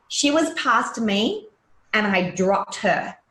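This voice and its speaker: A woman's voice: medium pitch, lively intonation, takes it slowly, fairly bright tone. Candid, emotional woman in a roomy echo. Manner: emotional, blunt, swears freely. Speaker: podcast guest, hypnotherapist. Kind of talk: candid personal storytelling.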